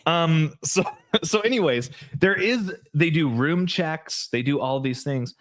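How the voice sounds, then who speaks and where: A podcast co-host whose voice sits on the high side talks a little slowly. He recounts stories in an animated, chatty way, with many uses of "like" and plenty of restarts.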